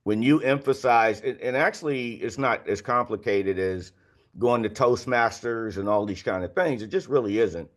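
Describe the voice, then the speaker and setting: A man's voice: medium pitch, moderate pace. A man in his sixties, a guest author on a podcast, telling candid anecdotes in a loose, filler-heavy conversational way. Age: 60s. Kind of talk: podcast interview storytelling.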